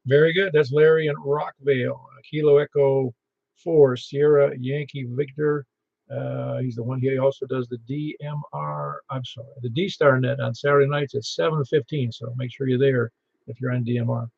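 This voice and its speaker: A man's voice: mid-range voice, moderate pace, vocal fry. A man doing a chatty radio net host. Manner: chatty, storytelling, laughs easily. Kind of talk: casual radio net chat. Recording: muffled lo-fi radio audio.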